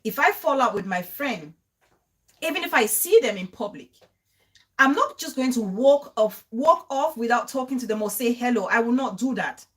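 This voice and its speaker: A woman's voice: on the high side, animated, normal speed. A young woman hosting a casual live-stream talk, chatting and repeating phrases for emphasis. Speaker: show host.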